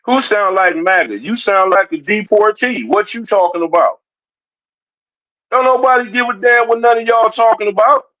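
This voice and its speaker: A livestream commentator gives a heated rant aimed directly at his chat, confrontational and repetitive. His voice is high, animated, bright and forceful, at normal speed, on dull lo-fi stream audio.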